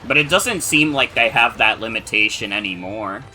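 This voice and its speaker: A man's voice: fairly low pitch, animated, moderate pace, pushed and bright, soft background music. A man chatting casually and upbeat while playing a co-op game with a friend, swearing offhand. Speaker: co-op gaming friend. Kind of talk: casual gameplay chat.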